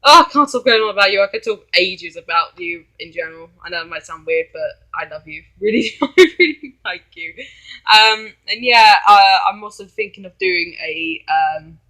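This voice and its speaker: Bright, high-voiced man. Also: rough recording. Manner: rambling, halting, heartfelt. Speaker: fan vlogger. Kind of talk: casual direct-to-camera vlog.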